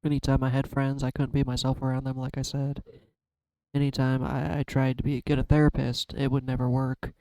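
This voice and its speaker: Speaking from the heart to his audience, a man who does card readings on YouTube struggles with tears, loses his words, and keeps restarting. His tone is mellow and monotone, mid-range, and fairly quick. The recording is dry and of low quality.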